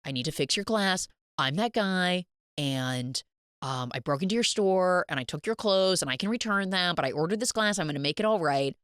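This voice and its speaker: A woman putting on an eager, naive snowman man who is earnest and wide-eyed. His lines bounce high and low in a dry, close sound. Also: expressive, moderate pace, a bit bright, clear, resonant tone, no echo. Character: eager naive snowman come to life, male.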